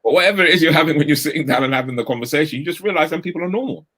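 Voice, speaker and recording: Fast-talking man in his fifties. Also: fairly high pitch. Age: 50s. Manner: energetic, straight-talking, uses London street slang. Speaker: guest speaker. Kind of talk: motivational talk on a video call.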